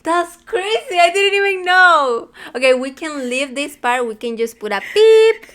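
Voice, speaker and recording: A young woman co-hosting a podcast, reacting expressively in casual chat. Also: extremely high pitch. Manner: expressive, quick reactions, laughs a lot. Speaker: podcast co-host.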